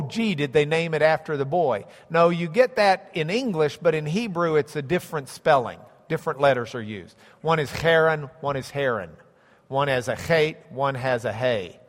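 Man, preacher, high voice, emphatic repetition, long hall reverb. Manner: teaching with a map, emphatic repetition. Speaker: pastor. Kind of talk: sermon.

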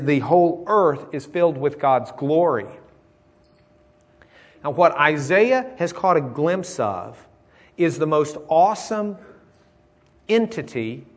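A man preaching a sermon in a folksy, conversational way, telling jokes and moving between loud emphasis and quiet, intimate passages. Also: fairly high pitch.

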